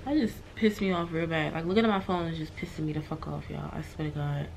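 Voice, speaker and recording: A woman's voice: low-pitched, fairly even intonation, fast talker, gravelly, background noise. A woman vlogging from her hotel room, venting to her viewers in a frustrated, swearing, casual way.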